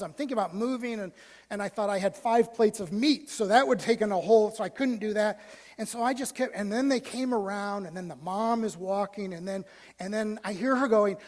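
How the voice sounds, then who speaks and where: A male pastor telling a story in a sermon, moving from hushed, almost whispered lines to loud, animated ones. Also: very high-pitched. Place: church sanctuary. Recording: long church hall reverb.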